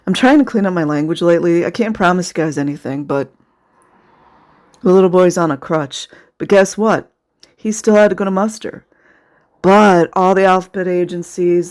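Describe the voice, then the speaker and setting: A commentator narrates footage in a casual vlog voice, cutting between biting sarcasm and open indignation. The voice sits at an ordinary middle pitch and often sounds near tears. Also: darkish tone. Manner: emotional, close to tears. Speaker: video commentator.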